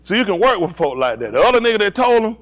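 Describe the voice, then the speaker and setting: A man telling a personal story in a casual, animated way, laughing often and acting out what others said. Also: high-pitched, quick pace.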